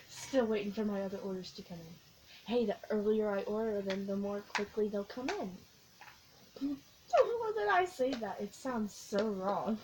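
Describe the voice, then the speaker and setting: A young woman vlogging, telling a long, excitable story in a casual, rambling way with lots of giggles. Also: mid-range voice, normal speed. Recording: faint background noise.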